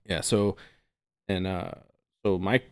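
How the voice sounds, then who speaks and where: A man's voice: deep voice, steady tone, slow pace. A man on a casual podcast, telling laid-back anecdotes peppered with swearing. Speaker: podcast guest.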